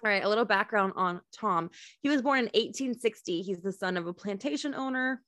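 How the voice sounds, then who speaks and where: Casting: woman podcaster, chatty and giggly, middle pitch, dry close sound. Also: expressive, a little fast, a bit bright, dry recording. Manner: chatty, giggly, lots of fillers. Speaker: podcast co-host. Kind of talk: casual true-crime podcast chat.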